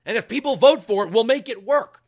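A male talk show host giving an impassioned political commentary monologue, talking emphatically and rising at times into yelling. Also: very high-pitched, lively intonation, fairly quick.

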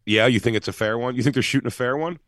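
Male host, joking and teasing, middle pitch, dry studio sound. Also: fairly bright tone, no room sound. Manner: joking, teasing, quick banter. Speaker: podcast host. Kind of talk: casual chat.

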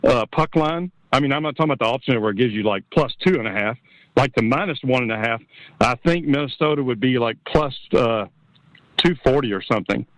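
A man's voice: medium pitch, fast talker, no echo, poor audio. A man from Texas calling into a sports radio show, chatty and full of fillers as he gives betting picks. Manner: chatty, with repeated fillers and restarts. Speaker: caller. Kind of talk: casual call-in chat.

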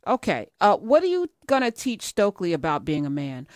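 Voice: mid-range voice, wildly swooping pitch, brisk, no echo, clean studio sound. A host with a teasing, playful manner, chatting casually with a guest over a video call.

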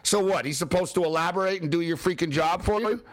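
A man's voice: high-pitched, quick pace. A man hosting a sports talk show, talking bluntly and heatedly, repeating himself as he argues his point. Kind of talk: heated casual commentary.

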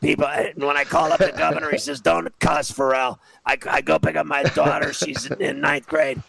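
A man's voice: on the high side, level tone, fairly quick, vocal fry, over a noisy crowd, rough recording. A middle-aged man hosting a casual sports betting chat, telling rambling self-mocking stories with plenty of cussing. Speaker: sports podcast host.

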